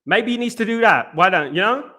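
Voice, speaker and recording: Breathless chatty man, bright high voice. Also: expressive, brisk. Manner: chatty, repeats "absolutely" and "big up". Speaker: host of a football live stream. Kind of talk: casual live-stream chat reading viewer comments.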